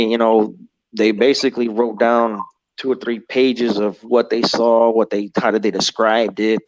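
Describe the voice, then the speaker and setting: This guest, a man in his thirties with a fairly low voice, rambles profanely through a casual story of an encounter and acts out what others said. There's no echo, but the audio is dull and muffled.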